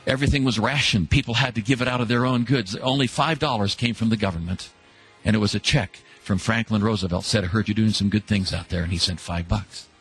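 A man telling an inspirational story in an earnest way, slowing down for emphasis. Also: fairly low pitch, slightly rough, soft background music.

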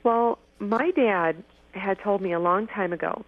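Over a tinny, dry phone line, a Michigan woman in her forties, once a pageant winner, tells stories as an interview guest. Though her medium-pitched voice keeps a measured pace, she rushes eagerly through tumbling phrases and frequently starts sentences again; there's no room sound.

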